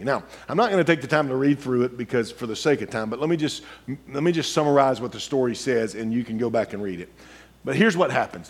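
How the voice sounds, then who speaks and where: A middle-aged man preaching a sermon, telling a story quietly, then building into rising, urgent preaching. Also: medium pitch, lively intonation, quick pace, breathy edge.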